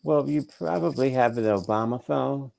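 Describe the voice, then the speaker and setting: A man's voice: mid-range voice, moderate pace, gravelly, darkish tone. A man co-hosting a political talk show, sarcastic in casual chat. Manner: sarcastic, backs others with short replies.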